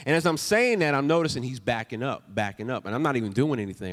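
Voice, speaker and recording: A man preaching a sermon as pastor, swinging from loud emphatic lines to soft, hushed storytelling. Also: mid-range voice, animated, quick pace, few pauses, big-room sound. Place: church sanctuary.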